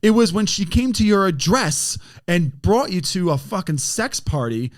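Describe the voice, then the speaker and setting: A man's voice: high voice, big pitch swings, normal speed. A man hosting a casual podcast, teasing the guest with sarcastic questions. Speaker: podcast host.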